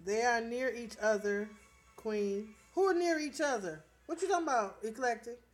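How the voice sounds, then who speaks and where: A woman's voice: a little high, moderate pace. A middle-aged woman, chatting casually on a livestream, reading viewer comments aloud and often laughing as she talks straight to her viewers. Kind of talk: casual live chat.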